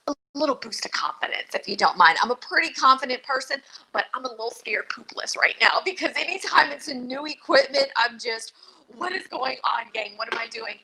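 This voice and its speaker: A dietitian from Louisiana hosts a live cooking demonstration, her slightly high voice bright and forceful on a rough recording. She's chatty and self-deprecating, a little nervous yet upbeat.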